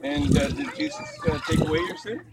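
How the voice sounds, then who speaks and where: A woman asking casual, halting questions about someone's faith, outdoors by a river. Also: sits high, huge pitch swings. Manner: halting, with many uhs. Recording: distant mic with loud outdoor noise.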